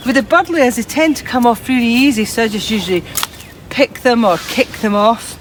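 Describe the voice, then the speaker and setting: A woman's voice: on the high side, normal speed, poor audio. A woman presenting a hands-on gardening demonstration outdoors, chatty and practical, talking through each step as she cuts. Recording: outdoor recording with traffic noise. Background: steady outdoor noise with passing traffic.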